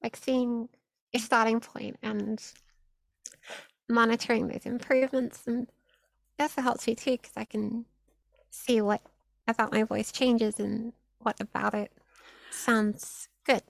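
A woman's voice: fairly high pitch, flat delivery, measured pace, creaky, pauses often, no room sound, low-quality recording. A young woman, an audio creator, answering interview questions casually, upbeat, with frequent laughs and lots of "like". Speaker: audio content creator, guest.

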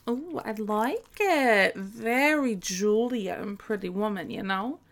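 A woman's voice: medium pitch, lively intonation, slow pace. A woman acting out a teasing, bossy young woman in a scripted audio role-play, giggling and scolding in mock disgust.

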